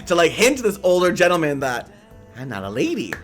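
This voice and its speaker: A man from Canada hosting a stream interview, telling stories in an animated, campy way with a lot of likes. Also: on the high side, quick pace, soft background music. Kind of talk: casual chat.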